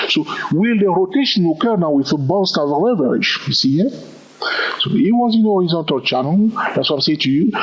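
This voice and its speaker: A trading instructor with a high-leaning, breathy voice leads a chart walkthrough lesson, counting moves aloud and often checking in with the viewer. The recording is dull and lo-fi.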